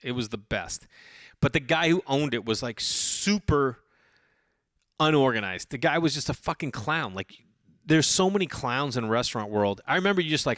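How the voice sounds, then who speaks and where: A man in his thirties hosting his own podcast, telling a rambling, animated story with swearing and many restarts. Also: a little high, moderate pace, no room sound, studio quality. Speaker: podcast host. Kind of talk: casual solo storytelling.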